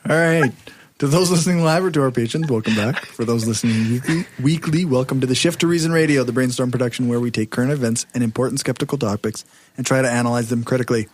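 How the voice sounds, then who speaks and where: Man podcast host, upbeat and relaxed, mid-pitched, introduces panel. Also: fast talker. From Canada. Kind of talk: casual chat.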